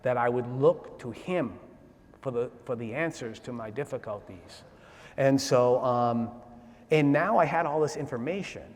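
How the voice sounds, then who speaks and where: A man giving a personal testimony in a lively, streetwise way, often asking "right?" of his listeners. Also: medium pitch, unhurried. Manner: animated, streetwise, repeats "right?" to the crowd. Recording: long hall reverb.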